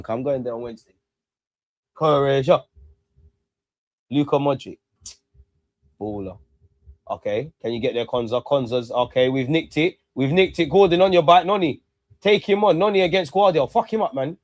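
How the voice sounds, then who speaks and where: Excitable football fan commentating. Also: male voice, fairly high pitch, fairly quick, pauses often. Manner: excitable, talks to players and ref, swears. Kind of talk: live match watch-along commentary.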